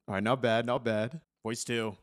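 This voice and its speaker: A man's voice: mid-range voice, steady tone, normal speed. A young man hosting a casual tech tutorial, upbeat and chatty, who says "y'all". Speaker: host.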